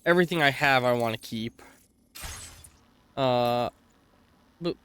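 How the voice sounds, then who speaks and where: A man's voice: mid-range voice, steady tone, moderate pace, a bit bright, a little hiss or hum. A man casually commenting on his gameplay as a let's play streamer, chatty and swearing, reading game text aloud. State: clearing throat with heartburn.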